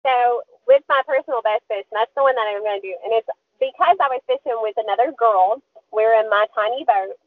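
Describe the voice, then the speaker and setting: Young woman podcast guest calling in by phone, bright high voice, animated and giggly. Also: quick pace, no echo. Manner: lively, laughs often, squeals when quoting. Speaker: podcast guest, kayak angler. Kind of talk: casual storytelling interview. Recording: tinny phone-line audio.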